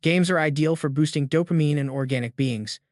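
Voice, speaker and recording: A boastful little robot helper speaks in a stiff, lecturing way, a bit high in tone, as a male narrator reads his lines. The recording is dry and close, with no room around it. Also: a little fast, dry recording, natural voice. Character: fussy know-it-all male robot helper.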